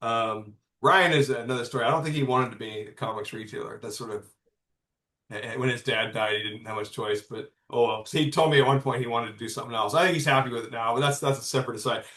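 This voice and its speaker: In an echoey room, a man in his fifties speaks quickly at medium pitch with a fairly bright tone. A comics publisher guesting on a relaxed podcast, he rambles through stories, restarting often and cursing occasionally.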